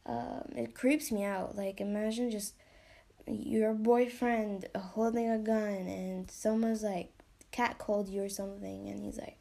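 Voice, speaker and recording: A woman's voice: medium pitch, steady tone, unhurried, gravelly, dark tone. A young woman hosting a podcast in a casual, rambling way, full of fillers and swearing, sometimes dropping into a whisper. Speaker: podcast host.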